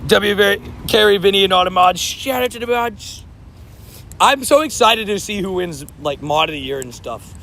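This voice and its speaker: High, gravelly chatty male streamer. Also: animated, moderate pace, bright, forceful tone, a little hiss or hum. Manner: chatty, rambling, laughs easily. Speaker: live-stream host. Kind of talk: casual live-stream chat.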